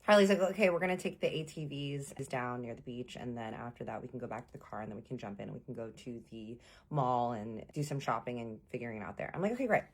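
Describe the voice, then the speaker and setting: Low-voiced husky woman telling a story. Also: fast. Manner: animated, acts out quoted lines; addresses viewers as "y'all". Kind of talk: casual storytime.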